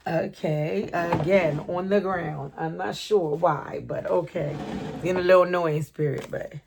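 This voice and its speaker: A middle-aged woman giving a spontaneous tarot reading, excitable and full of slang, laughing and breaking into snatches of song. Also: on the low side, a little slow, gravelly, noisy background. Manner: excitable, laughing, slang-heavy, bursts into singing. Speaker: tarot reader.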